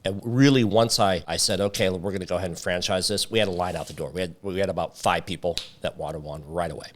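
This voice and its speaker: A man with a very low voice tells his story as a company founder in a relaxed interview. He brings the story to life by acting out what each person said. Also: fast. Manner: lively storyteller who acts out quoted dialogue.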